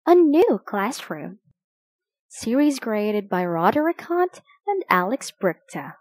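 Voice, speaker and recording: A woman reading a children's picture book aloud, slowly and expressively for young listeners. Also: medium pitch, sing-song, darkish tone, dry recording. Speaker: storybook reader.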